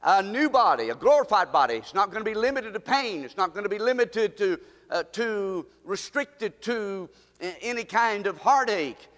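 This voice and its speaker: A man's voice: sits high, lively intonation, normal speed, fairly bright tone, in a large hall. A man preaching a sermon as pastor, impassioned and repetitive, with pleading rises.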